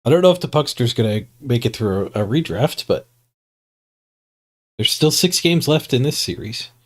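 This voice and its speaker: A man's voice: medium pitch, expressive, normal speed. Stuffy man muttering over game stats. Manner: muttering to himself, chuckling at stats. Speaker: streamer. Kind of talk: casual gameplay commentary.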